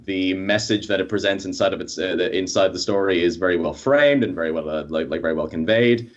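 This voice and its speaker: Low-voiced Irish man with lo-fi sound. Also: fairly quick. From Ireland. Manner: earnest, long-winded film opinions. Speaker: podcast guest. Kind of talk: casual chat. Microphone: remote call.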